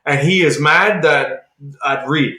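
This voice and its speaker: A podcast co-host with a slightly high, pushed and bright voice talks slowly as he eagerly recaps a comic storyline. The chat is loose and rambling, full of "like" and restarts, with a roomy echo around it.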